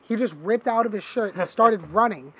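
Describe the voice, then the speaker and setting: High-voiced man telling a wild story. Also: normal speed, dull audio. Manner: animated, swearing, acts out quoted voices. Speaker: podcast host. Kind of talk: casual storytelling chat.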